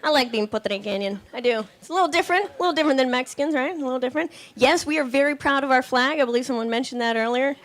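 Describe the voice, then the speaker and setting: A woman's voice: sits high, very fast, few pauses. A woman doing a stand-up comedy set on a club stage, punchy and sassy, slipping into impressions of relatives and men.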